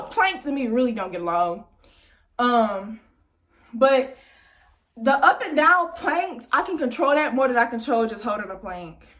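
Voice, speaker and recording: A young woman chatting excitedly to her viewers in a vlog, still out of breath after a workout. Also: on the high side. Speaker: vlogger. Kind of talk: casual chat to camera.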